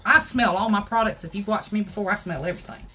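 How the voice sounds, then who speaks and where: A woman's voice: medium pitch, fast, pushed and bright, breathy edge. A woman, hosting a casual live crafting tutorial at home and chatting straight to her viewers. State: out of breath.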